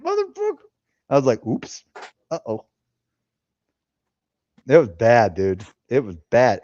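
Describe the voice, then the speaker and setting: A man hosting a casual live stream, an animated storyteller who acts out the quotes he tells, talking into a headset. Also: medium pitch, no echo. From California. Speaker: host. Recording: dull dry headset sound.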